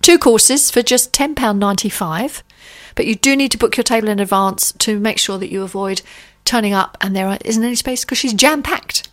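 A woman's voice: medium pitch, moderate pace, few pauses, fairly bright tone. Chatty woman radio co-host. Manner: chatty, with frequent ums and laughs. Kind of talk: casual radio chat.

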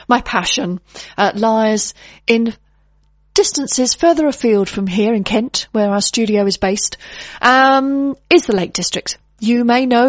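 A woman's voice: mid-range voice, no room sound, lo-fi sound. A woman hosting a radio show from a studio, talking casually and rambling with many fillers.

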